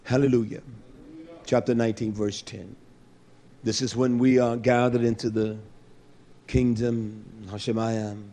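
A man's voice: mid-range voice, flat delivery, unhurried, pauses often, dark tone, a little hiss or hum. A male preacher delivering a fervent, blunt sermon, repeating his phrases and calling out to the congregation.

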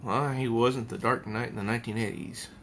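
A man's voice: medium pitch, steady tone, fairly quick, vocal fry, fairly bright tone. A man giving a casual comic book review at home, rambling and thinking aloud as he pages through an issue.

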